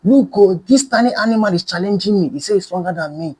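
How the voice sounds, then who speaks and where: A man doing a loud, boastful bully elephant. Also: a little high, brisk, husky, pitched above the performer's own voice. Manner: loud, shouting, mocking.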